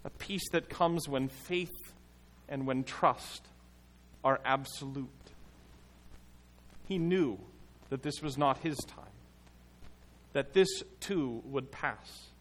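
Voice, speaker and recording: A man preaching a sermon as pastor, in a measured, emphatic way with dramatic pauses. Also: mid-range voice, a bit bright.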